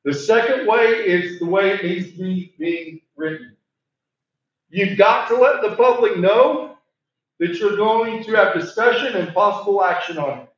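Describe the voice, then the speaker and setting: A man leading a training session, asking the room questions and repeating words for emphasis, clearing a voice he is losing. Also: high voice, unhurried, a bit bright. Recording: very echoey room, distant mic, muffled.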